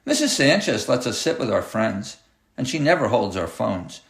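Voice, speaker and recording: A man's voice: medium pitch, very animated, normal speed, a bit bright. A man voicing a timid eight-year-old girl who stammers and hesitates. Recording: roomy echoey room.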